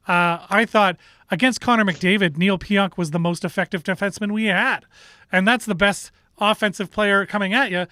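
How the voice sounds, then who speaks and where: A man's voice: sits high, bright, forceful tone, no room sound, studio quality. A man with a Canadian accent co-hosting a sports show, talking casually and rambling with restarts and strong opinions.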